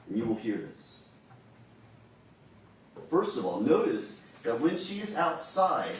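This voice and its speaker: A man arguing a case to a jury in a large courtroom, speaking with emphatic urgency. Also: medium pitch. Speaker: trial attorney. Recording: very echoey courtroom audio from a distant mic with faint hiss.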